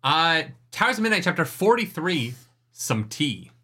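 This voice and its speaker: A man's voice: a little high, very animated, moderate pace, bright, forceful tone, husky. A man co-hosting a casual podcast, animatedly retelling a fantasy novel chapter, swearing freely and reading out chat comments. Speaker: podcast co-host. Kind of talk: casual chat recapping a book.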